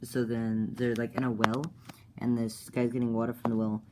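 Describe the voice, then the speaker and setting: A man casually retelling the plot of his own comic, halting, with many fillers and self-corrections. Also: mid-range voice, completely flat delivery, background noise.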